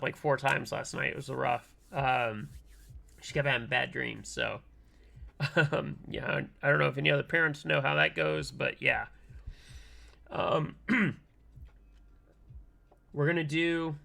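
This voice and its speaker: A man with a hoarse voice he says is going out, chatting casually with his viewers at the end of a keyboard-building livestream, with plenty of ums and easy laughs. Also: fairly high pitch. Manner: relaxed and thankful, many ums and laughs. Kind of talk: casual livestream wrap-up chat.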